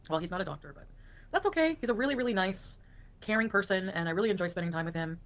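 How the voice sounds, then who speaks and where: A woman's voice: medium pitch, animated, fast talker. A woman livestreaming from home, rambling casually with lots of fillers and breaking off to talk to her pets.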